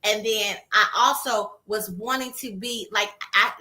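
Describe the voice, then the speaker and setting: Woman therapist, co-host; animated storyteller, bright and forceful delivery. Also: medium pitch, a little slow. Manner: animated storytelling, acts out quotes. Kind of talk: casual conversation.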